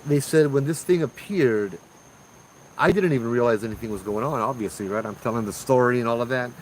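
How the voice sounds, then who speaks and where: This Hawaiian-accented host tells ghost stories casually, full of slang and "bro" addressed to listeners, in a laid-back manner. His mid-range voice runs a little fast over poor audio carrying a slight hiss or hum.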